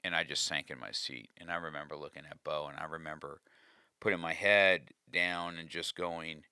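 A man's voice: very deep voice, fairly even intonation, moderate pace, bright, forceful tone, clear, resonant tone, no echo, clean studio sound. A man telling a personal story with a life lesson, earnest and confessional, often restarting his sentences.

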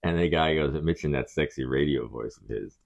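Deep gravelly joking man. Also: fairly quick, dull audio. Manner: jokey, profane, slips into mock-deep seductive voices. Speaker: podcast co-host. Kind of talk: casual chat.

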